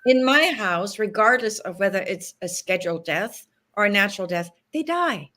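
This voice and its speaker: A woman's voice: medium pitch, animated, normal speed, bright, forceful tone, slight background noise. A woman being interviewed as an animal hospice guest, speaking earnestly and acting out what people and pets say. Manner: earnest, acts out quoted dialogue. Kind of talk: interview conversation.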